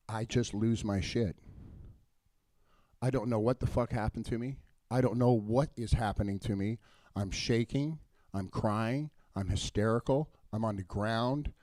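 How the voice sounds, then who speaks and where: A man's voice: mid-range voice, a little mellow, no room sound. A middle-aged man telling a raw personal story, emotional and blunt, with swearing. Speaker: storyteller at a live event.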